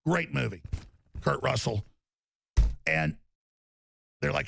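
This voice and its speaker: A man's voice: fairly high pitch, lively intonation, moderate pace, fairly bright tone, slight background noise. A man hosting a political talk radio show, ranting in a long monologue and mocking opponents in put-on voices. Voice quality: gravelly.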